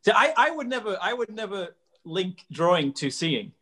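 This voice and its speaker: A male host with a slightly raised voice leads an easygoing chat. He asks questions with curiosity and works through his thoughts out loud. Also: high-pitched, big pitch swings, moderate pace. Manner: inquisitive, thinking aloud. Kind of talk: casual interview chat.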